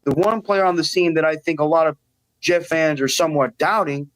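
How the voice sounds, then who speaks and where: A man's voice: on the high side, brisk, dry recording, rough recording. A man calling in to a live stream, talking in an earnest, rambling way and putting himself down at times. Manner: earnest, rambling, self-deprecating. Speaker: caller. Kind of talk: call-in chat.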